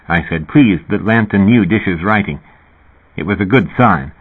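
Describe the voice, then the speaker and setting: Guy narrating a novel in first person, lowish husky voice, tinny phone-line sound, steady pace. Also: moderate pace. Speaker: audiobook narrator.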